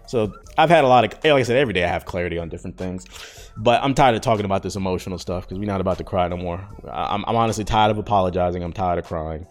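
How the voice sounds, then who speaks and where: A podcast host in his thirties talks very fast in a low voice, with faint music behind him. His casual monologue is rambling and emotional, peppered with free cursing as he vents candidly.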